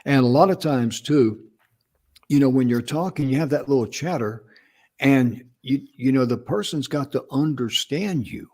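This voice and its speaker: Slow, careful older man from North Carolina. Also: medium pitch, darkish tone. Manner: slow, deliberate, carefully pronounced speech. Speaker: co-host. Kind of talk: casual advice chat.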